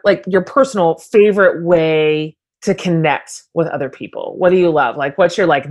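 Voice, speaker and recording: A woman's voice: deep voice, normal speed, few pauses, a little mellow. A woman hosting a podcast interview, asking questions in a chatty, enthusiastic way. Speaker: podcast host. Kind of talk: casual interview.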